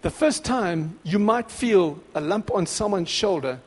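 A man preaching a sermon, exhorting in short emphatic repeated phrases that grow louder and more excited. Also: high-pitched, a little slow, husky, long reverb tail.

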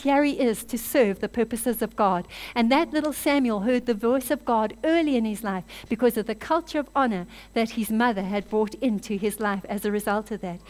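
A woman preaching a sermon, telling scripture stories in an animated way and making chatty asides. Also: sits high. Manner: animated storytelling, acts out voices in the stories.

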